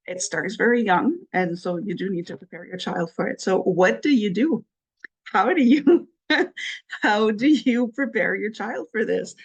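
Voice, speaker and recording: A woman at a middle pitch hosts a solo parenting talk. She walks the listener through each step, circles back to her main points and drops in a short laugh here and there. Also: husky. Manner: explains step by step, repeats key points, laughs lightly. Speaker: podcast host.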